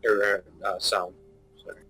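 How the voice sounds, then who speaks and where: A man narrating as game master of a tabletop game, describing scenes haltingly with many restarts, while he has the hiccups. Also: on the low side, flat delivery, sharp tone, faint music behind, low-quality recording.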